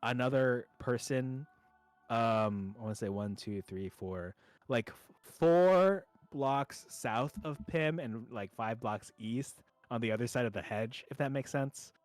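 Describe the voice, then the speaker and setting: A man's voice: mid-range voice, measured pace, dry recording. A young man running a tabletop game as dungeon master, rambling through his narration with many fillers and restarts.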